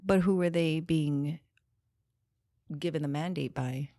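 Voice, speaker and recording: A woman's voice: low-pitched, takes it slowly, mellow, no room sound, studio quality. A middle-aged woman chatting as a guest on a podcast. She laughs often and wanders off on tangents. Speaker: interview guest, nonprofit director. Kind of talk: casual podcast conversation. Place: podcast studio.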